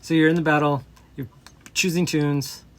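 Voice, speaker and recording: A man interviewing a guest casually, prompting her quickly. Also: on the high side, steady tone. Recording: voice distant from the mic.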